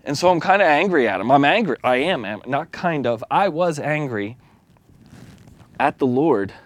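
A man's voice: fairly high pitch, expressive, normal speed. A man preaching a sermon as a lay leader, speaking candidly and confessionally, with restarts and small laughs.

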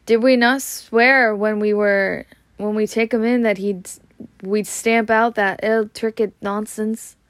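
A woman voicing a blustering, angry middle-aged uncle with a gruff manner. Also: medium pitch, steady tone, takes it slowly, no echo, close to an everyday voice.

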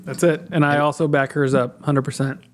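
A man's voice: fairly high pitch, level tone, brisk, a little hiss or hum. A man co-hosting a podcast in casual chat, a playful storyteller who acts out the people he quotes. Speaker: podcast co-host.

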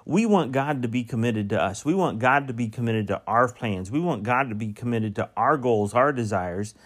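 A man delivering a sermon. He reads the scripture in a measured way, then preaches with rising emphasis. He puts pointed questions straight to the congregation. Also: mid-range voice.

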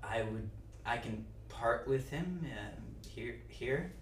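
A woman's voice: rumbling low, expressive, takes it slowly, reverberant, far from the mic, a little hiss or hum, full character voice. A woman voicing a shy male necromancer wizard who mumbles and hesitates. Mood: hesitant.

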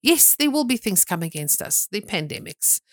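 A woman's voice: mid-range voice, very animated, moderate pace, no room sound. A woman delivering a sermon in an emphatic, repetitive preaching manner, swinging into sudden dramatic bursts. Her voice sits in a middle range for a woman. The recording is dry and close.

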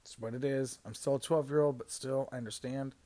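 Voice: medium pitch, steady tone, fairly quick, mellow. Rambling podcaster in their thirties. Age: 30s. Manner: rambling, swearing, many fillers and self-corrections. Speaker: podcast host. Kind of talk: casual storytelling.

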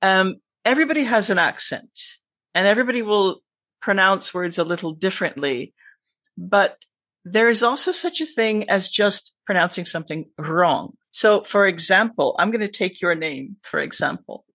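A podcast guest and teacher with a mostly American accent that has a Scottish tinge, talking in a casual, emphatic way with lively asides. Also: medium pitch, moderate pace, no room sound. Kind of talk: casual conversation.

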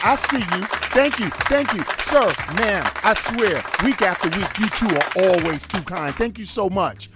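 A man's voice: high-pitched, measured pace, few pauses, a loud crowd, heavy background noise. A male radio host talking casually, blunt and profane as he rants to his listeners.

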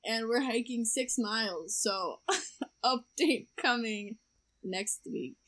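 Young woman, casual chat, chatty storytelling, fairly high voice. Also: slow, fairly bright tone. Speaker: podcast co-host.

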